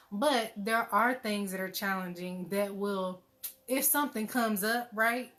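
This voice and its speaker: A woman's voice: medium pitch, fairly bright tone. A woman hosting a meditation group, chatting in a casual, playful and joking way, full of fillers. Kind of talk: casual livestream chat.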